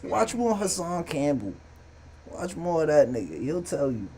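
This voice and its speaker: Fairly high-pitched and a little slow, this live-stream host goes on loose, profane, animated rants about relationships and social media. Slight background noise can be heard during his casual monologue.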